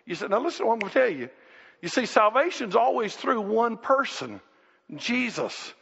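A man preaching a sermon in a church, animated and emphatic, acting out quoted voices and shouting at the peaks. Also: very high voice, moderate pace, vocal fry, husky. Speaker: pastor. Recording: dull lo-fi sound with long reverb in a hall.

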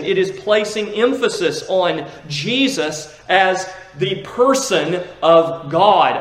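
A pastor reading scripture and preaching an emphatic sermon, occasionally correcting himself. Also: male voice, high-pitched, roomy sound, low-quality recording. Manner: emphatic preaching with slips and restarts.

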